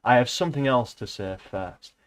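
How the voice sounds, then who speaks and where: A man's voice: medium pitch, normal speed, natural voice. A man reading the part of an old boar who solemnly addresses the farm animals.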